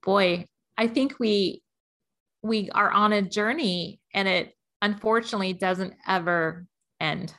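An early-fifties woman co-hosts a podcast in a frank, thoughtful way. Her voice sits at a middle pitch. She often restarts her sentences as she works through what she wants to say. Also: a little slow, a bit bright. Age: 50s. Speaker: podcast co-host. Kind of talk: casual podcast chat.

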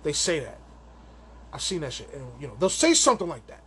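A man's voice: on the high side, expressive, fairly quick, long pauses, slight background noise. A man hosting a solo podcast, venting in a crude, rambling, profane rant, an amateur stand-up comic. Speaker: podcast host.

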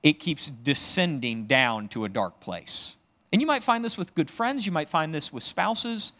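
A middle-aged man preaches a sermon in a loose, conversational way. His voice sits a little high and rises and falls widely for emphasis. He drops in joking asides to the congregation. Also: a little slow. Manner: conversational, self-deprecating asides, animated emphasis. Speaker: pastor.

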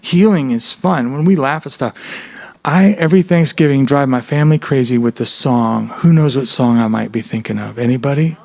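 A man who works as a music therapist, presenting a workshop to a live audience in an animated, joking way, often asking the audience questions. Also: medium pitch, normal speed, vocal fry. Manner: animated and joking, breaks into sung snippets; asks the audience frequent questions.

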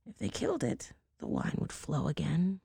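A hoarse woman voicing a grumpy, suspicious male devil, with a slow, heavy, gruff delivery. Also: low-pitched, wildly swooping pitch, dark tone, no echo, studio quality, exaggerated voice. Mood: grumbling.

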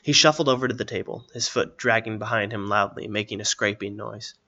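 A man reading a fantasy story aloud in a steady, even narration. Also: lowish voice, fairly quick, lo-fi sound.

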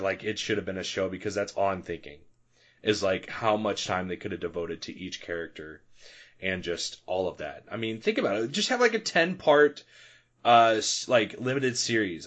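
A man with a fairly low voice co-hosts a movie podcast. He rambles in a casual, animated way and laughs often as he goes. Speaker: podcast co-host. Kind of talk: casual movie review chat.

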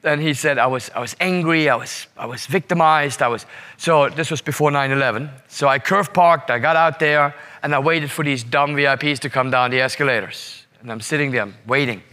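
A man's voice: mid-range voice, a little fast, bright, forceful tone. Emphatic man giving a leadership talk. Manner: emphatic, repeats words and asks "right?". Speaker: leadership speaker. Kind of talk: storytelling seminar talk.

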